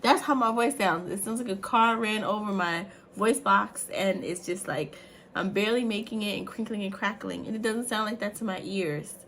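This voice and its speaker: A woman in her thirties vlogging to camera in a chatty, animated way, with many asides to her viewers. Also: medium pitch, normal speed, a little hiss or hum. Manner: chatty, animated, says "y'all" and "like" often. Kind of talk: casual talk to camera.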